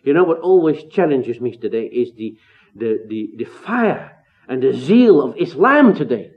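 A man's voice: medium pitch, very animated, moderate pace. A man preaching an expository sermon, earnest and emphatic, with rhetorical questions and rising exclamations. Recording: tinny phone-like sound.

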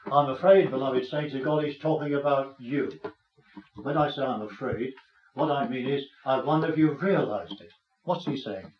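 An older man preaching a sermon, earnest and tender, rising to fervent emphasis. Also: mid-range voice. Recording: dull, roomy, slightly noisy recording.

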